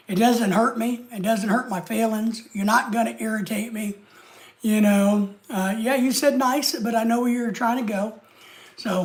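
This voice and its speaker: A man hosting a live stream, chatting casually and answering viewer comments in an easygoing way. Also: very high voice. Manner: easygoing, chatty, talks straight to the chat.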